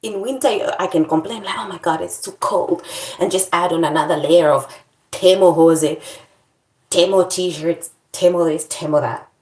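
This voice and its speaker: A woman's voice: fairly low pitch, normal speed, darkish tone, reverberant. A woman vlogger in casual chat, complaining in a playful, dramatic way.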